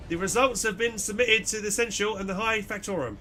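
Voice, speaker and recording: A man's voice: sits high, fast talker, pushed and bright, a little hiss or hum, voice pushed up. A man voicing a polite, formal young ship officer in a game. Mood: dutiful.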